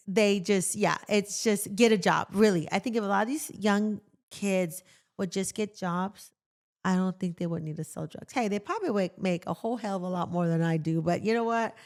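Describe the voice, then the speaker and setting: A middle-aged woman, a nurse co-hosting a casual podcast and telling animated stories. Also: medium pitch. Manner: animated storytelling, acts out quotes loudly. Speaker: podcast co-host, jail nurse. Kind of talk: casual chat.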